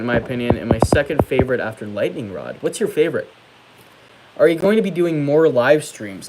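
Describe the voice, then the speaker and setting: A man's voice: medium pitch, low-quality recording. A young man hosting a casual livestream, reading out viewer comments and answering them in a chatty way. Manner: chatty, reads comments aloud and answers them, many fillers. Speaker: livestream host.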